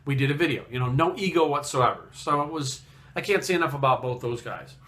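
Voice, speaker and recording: A man's voice: on the high side, fairly quick, fairly bright tone. A man hosting a fitness channel, talking bluntly and profanely in a heated, casual rant, often acting out what others said. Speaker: fitness video host. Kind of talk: casual ranting monologue.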